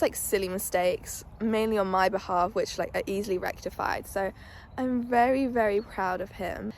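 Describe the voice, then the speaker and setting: A woman's voice: mid-range voice, gravelly, a little mellow, slight background noise. Young woman vlogging at a stable. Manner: chatty, fond baby-talk to her horse. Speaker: equestrian vlogger. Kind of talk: casual vlog chat.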